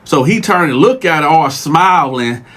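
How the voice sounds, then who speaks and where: A male host narrates a personal story in a loose, casual storytime voice. His pitch sits a little high and rises and falls a lot. The tone is husky, and he often repeats words as he talks. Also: moderate pace. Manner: animated, repeats words as he goes.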